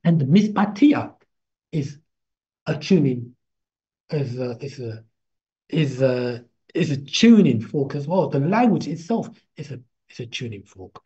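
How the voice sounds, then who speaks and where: Slow, husky man teaching a class. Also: mid-range voice, very animated, mellow. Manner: slow, halting, repeats himself while explaining; chants drawn-out syllables to demonstrate. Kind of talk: casual spoken lesson. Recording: dull lo-fi recording.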